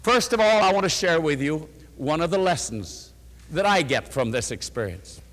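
Earnest preacher in a reverberant hall. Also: male voice, on the high side, expressive, normal speed, a bit bright. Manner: earnest storytelling, retelling a letter with rising emotion. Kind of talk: sermon.

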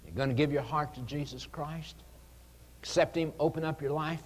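A man preaching an evangelistic sermon, earnest and pleading, with dramatic pauses. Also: a little high. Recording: long hall reverb.

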